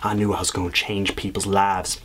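An actor playing an unhinged young man obsessed with a movie star, in a comedy sketch monologue, lurching from low profane mutters to shrill outbursts. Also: level tone, moderate pace, a bit bright, slight background noise. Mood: boastful rambling.

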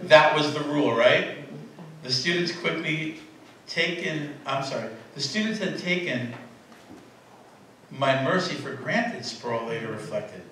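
A man preaching a sermon in a church, talking to the congregation in a relaxed, conversational way and stopping to correct himself. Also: medium pitch, unhurried, slight background noise. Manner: conversational, self-correcting, laughing asides to the congregation. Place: church sanctuary. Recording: very echoey room, voice from a distance.

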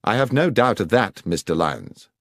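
A man voicing a brisk, incisive male detective in an audiobook, with crisp, precise diction. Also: on the low side, very animated, no echo, studio quality. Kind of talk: audiobook character reading.

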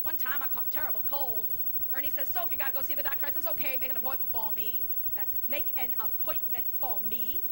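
Doing live stand-up during a concert, a woman in her forties who sings and jokes delivers bawdy material at a quick pace in a high voice. She's brassy and teasing on the large concert hall stage, with background noise audible.

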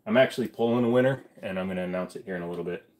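A man's voice: deep voice, very fast, darkish tone. A man hosting a casual livestream, reading chat aloud and answering viewers while feeling sick to his stomach. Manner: chatty, reads chat aloud, mumbles asides. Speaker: livestream host.

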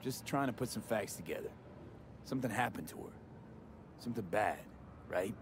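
A man voicing a calm video game mercenary who asks probing, matter-of-fact questions. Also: fairly low pitch, normal speed, background noise, lightly acted. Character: calm male mercenary investigating a missing rider.

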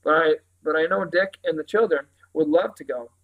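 A man's voice: a little high, normal speed, phone-quality sound, close to an everyday voice. A man voicing a polite, hesitant mother in a storybook reading. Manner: hesitant, gently reluctant.

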